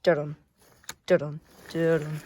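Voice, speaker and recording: A woman's voice: low voice, level tone, measured pace, mellow, slight background noise. A woman voicing a goofy, talkative male toy train engine that squeals, yelps and mocks itself. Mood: playful. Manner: playful, self-mocking, squeals and yelps. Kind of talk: playful toy role-play.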